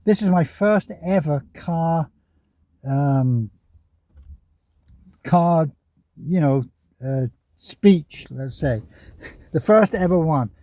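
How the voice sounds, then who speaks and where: A man's voice: on the high side, lively intonation, very slow, long pauses, warm tone, dry recording. A man in a parked car giving casual, rambling commentary on other YouTubers, chatty and often chuckling.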